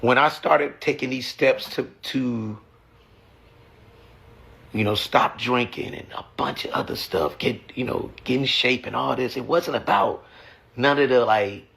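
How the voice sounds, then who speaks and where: A man's voice: mid-range voice, a little slow, creaky, fairly bright tone, breathy edge. A man talking casually and emotionally about his family and faith, blunt and full of cussing. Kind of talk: casual reflective talk.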